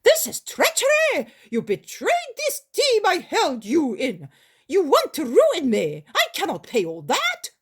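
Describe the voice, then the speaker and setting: A woman voicing a greedy old male merchant, pleading and wheedling in a whining, breathy voice that breaks into shrieks. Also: very high voice, huge pitch swings, a little slow, voice pushed up, full character voice. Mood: outraged.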